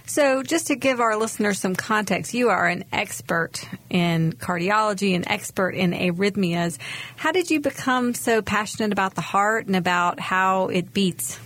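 Female doctor co-host, mid-pitched voice, clear guiding questions for radio. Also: lively intonation, moderate pace, a bit bright. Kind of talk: radio talk show hosting.

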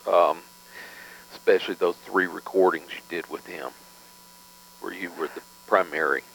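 A male interviewer with a very deep voice asks brief prompting questions. A faint hum sits beneath his speech. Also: fairly even intonation, normal speed, vocal fry, fairly bright tone, rough recording.

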